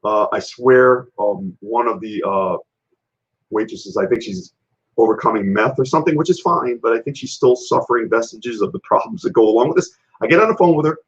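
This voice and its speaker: A man's voice: mid-range voice, fairly quick. A man hosting a casual live-stream health show, telling blunt, rambling stories. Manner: rambling, animated, blunt storytelling. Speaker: health and fitness show host. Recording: dull lo-fi live-stream audio.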